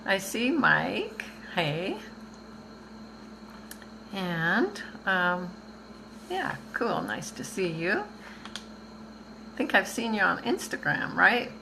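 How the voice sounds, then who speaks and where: A woman's voice: medium pitch, very animated, very slow, creaky, pauses often, noisy background. An older woman from Canada, a visual artist chatting casually and rambling on a live stream, laughing easily.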